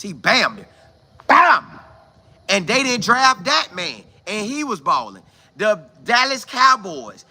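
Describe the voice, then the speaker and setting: Male stream host, high and very bright voice, animated and emphatic, addresses viewers directly. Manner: animated, exclaiming, repeats phrases for emphasis; talks straight to viewers, calling them y'all. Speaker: live stream host reading viewer comments. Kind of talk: casual live stream chat.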